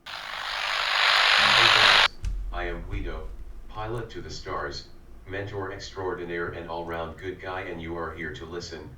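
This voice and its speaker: A synthetic male text-to-speech voice reading a sentence aloud with an even, measured delivery. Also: low-pitched, far from the mic, a little hiss or hum. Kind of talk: synthetic read-out. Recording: played back from speakers in a roomy space.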